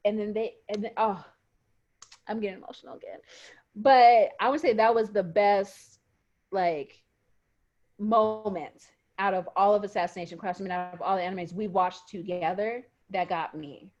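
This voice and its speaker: Animated woman on a lo-fi call. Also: mid-range voice, normal speed. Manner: animated, emotional storyteller. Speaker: podcast co-host. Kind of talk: casual chat.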